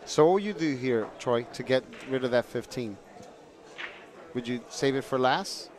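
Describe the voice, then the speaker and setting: A man's voice: mid-range voice, expressive, moderate pace, slight background noise. A man sitting in as a guest commentator on a pool match, explaining strategy with analogies. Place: commentary booth at a billiards hall.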